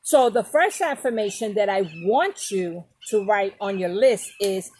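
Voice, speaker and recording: A woman's voice: medium pitch, measured pace, few pauses, darkish tone. A woman talking to her viewers in a casual, emphatic advice vlog, often repeating her points and checking in with them. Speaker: vlogger giving advice. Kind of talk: casual advice talk to camera.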